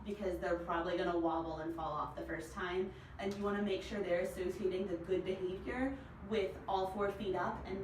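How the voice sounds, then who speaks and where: A young woman casually teaching dog training with her own dog, talking in an easy, chatty way with frequent ums. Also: mid-range voice. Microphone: far camera mic. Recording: roomy, distant, noisy home video.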